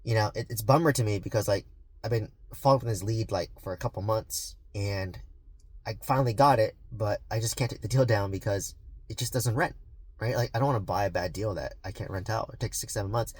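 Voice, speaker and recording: Man, low voice, casual vlog talk, earnest, rambling, lots of fillers. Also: brisk, breathy edge. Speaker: real estate investor and coach.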